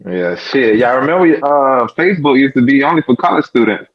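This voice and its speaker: A man's voice: mid-range voice, sing-song, fairly quick, highs cut off. A man co-hosting a casual podcast, joking and teasing in slang. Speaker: podcast co-host. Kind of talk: casual group podcast chat.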